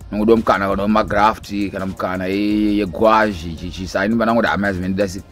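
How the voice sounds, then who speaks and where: A man's voice: fairly low pitch, steady tone, very fast, a bit bright, soft background music. A man, a filmmaker, talking casually in a rambling way, switching between Shona and English. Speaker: interviewed filmmaker. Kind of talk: casual recorded interview.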